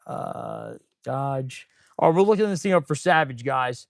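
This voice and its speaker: A man's voice: mid-range voice, unhurried, dry recording. A laid-back male mechanic talks casually to his live viewers while working in a repair shop. His voice sits in an ordinary middle range, and the sound is close and dry. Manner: laid-back, chatty, talking to viewers, says "dude" and "man". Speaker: auto mechanic and channel host.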